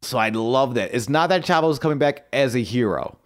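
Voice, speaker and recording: A man in a relaxed podcast chat walks through what happened on screen, keen and talkative. His voice sits at an ordinary middle pitch, and he often stops and restarts his sentences with little fillers. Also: fairly quick. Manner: eager storytelling recap with fillers and restarts. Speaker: podcast co-host. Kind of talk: casual recap chat.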